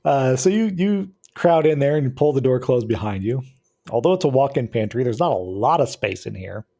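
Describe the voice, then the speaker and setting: Mellow-voiced male game master. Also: medium pitch, expressive, creaky, breathy edge. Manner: descriptive, halting. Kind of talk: narrating a tabletop game.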